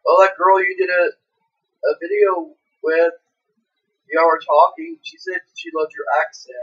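Husky man giving dry remarks off-mic. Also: high-pitched, steady tone, unhurried, dull audio. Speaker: off-camera companion.

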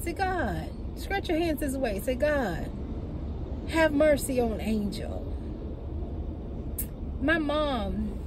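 A woman in her forties vlogging casually about her day as a teacher, speaking earnestly and prayerfully to God about her struggles. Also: on the high side. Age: 40s. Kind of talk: casual day-in-the-life vlog. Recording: loud car and street noise behind.

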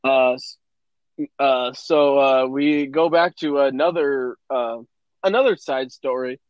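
A young man co-hosting a podcast in casual chat, telling a movie plot in an animated, profane way and acting out quotes. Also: medium pitch, takes it slowly, clean tone, no echo. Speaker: podcast co-host. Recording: dry, dull lo-fi podcast audio.

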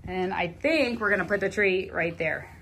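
A woman's voice: mid-range voice, normal speed, a bit bright, a little hiss or hum. A woman with a Southern US accent, chatting casually and a little self-deprecating as she vlogs from her living room. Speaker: vlogger. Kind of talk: casual home vlog.

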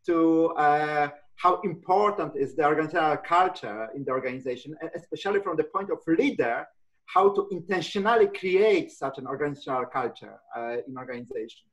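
Male academic interviewer; halting, filler-heavy delivery. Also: on the high side, a bit bright, lo-fi sound. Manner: hesitant, many fillers and restarts. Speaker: professor and interviewer.

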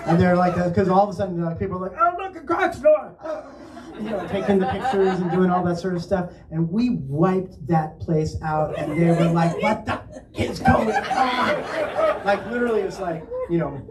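A man's voice: high-pitched, fairly even intonation, fairly quick, few pauses, a loud crowd. A man telling a funny anecdote and then reading his story aloud with dramatic flair, often breaking into laughter. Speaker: author at a bookstore event. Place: bookstore event room. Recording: echoey room, mic at a distance.

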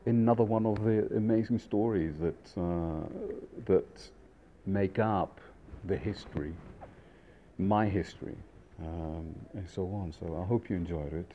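A man's voice: deep voice, unhurried, phone-quality sound, a little hiss or hum. A middle-aged man casually telling a rambling anecdote with many fillers and restarts. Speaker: storyteller, restaurant industry veteran.

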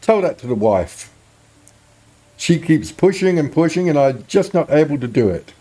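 A man puts on the voice of an anxious middle-aged villager in a medieval video game. He sounds earnest and pleading, pitched a little higher than ordinary talk, with an animated, swooping line and a warm, mellow tone. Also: moderate pace, slightly rough. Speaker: game character read aloud.

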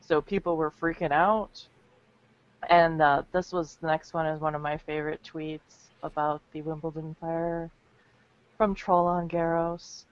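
A woman's voice: sits low, level tone, unhurried, lo-fi sound. A woman co-hosting a casual comedy webcast, chatty and laughing often. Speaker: co-host.

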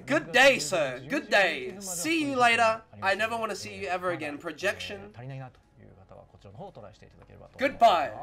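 A young man streaming his reaction, shouting, laughing and swearing with excitement, hoarse from yelling. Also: high voice. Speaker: streamer reacting to a game trailer.

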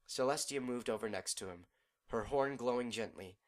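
A man narrating a fan fiction audiobook in a steady, measured storytelling manner. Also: medium pitch.

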